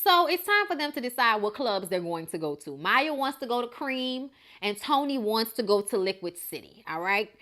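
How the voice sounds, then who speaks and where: Young woman from LA chatting a show recap, sassy and animated, kinda high and really bright. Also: moderate pace, few pauses. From Los Angeles, USA. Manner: sassy, animated, acts out quotes. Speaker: TV show reviewer. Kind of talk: casual recap chat.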